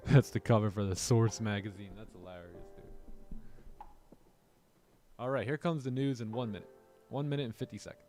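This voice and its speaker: A man's voice: on the low side, normal speed, long pauses, dark tone, soft background music. Joking man hosting a trading livestream. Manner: joking, laughs often, reads chat aloud. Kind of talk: casual live-stream chat.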